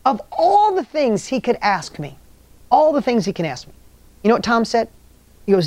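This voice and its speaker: A man giving a motivational talk as a speaker and coach. He tells stories in an energetic, emphatic way and acts out the quotes with life. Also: very high voice, normal speed, long pauses, dry recording.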